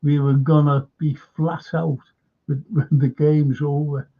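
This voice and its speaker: This fan channel host is a man with a slightly high, creaky, husky voice, delivered flatly and at a slow pace. On his live show he talks emphatically to viewers by name, repeating himself and swearing. The recording has a dull, lo-fi quality.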